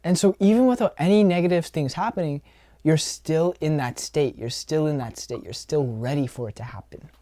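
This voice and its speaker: A man's voice: a little high, normal speed, warm tone, dry recording. A man giving an earnest self-help talk as a coach, often repeating phrases for emphasis. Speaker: social skills coach.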